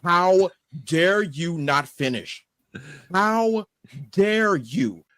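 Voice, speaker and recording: A man on a podcast panel who talks slowly and crudely teases the others. His pitch swoops widely as he puts on mock outrage. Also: animated, a bit bright, no echo. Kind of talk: casual panel chat.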